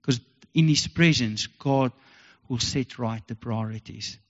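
A man's voice: mid-range voice, measured pace. A South African man preaching a sermon as pastor, earnest and heartfelt, repeating his points. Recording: dull lo-fi recording with long reverb.

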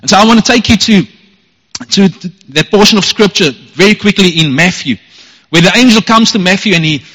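Male pastor, earnest emphatic sermon delivery, slightly high, echoey church hall. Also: brisk, sharp tone. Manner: earnest, emphatic preaching with repeated phrases.

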